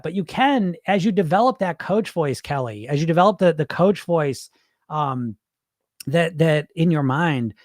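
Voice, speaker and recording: A middle-aged man hosting a casual podcast, reading listener comments and answering them in a blunt, animated way, now and then swearing and acting out the voices in people's heads. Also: on the high side, no echo, clean studio sound. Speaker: podcast host and weight-loss coach.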